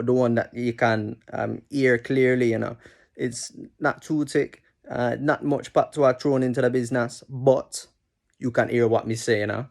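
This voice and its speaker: A man putting on a Jamaican accent, playing a relaxed, upbeat man with light patois. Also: medium pitch, lightly acted. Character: laid-back Jamaican man with dreadlocks.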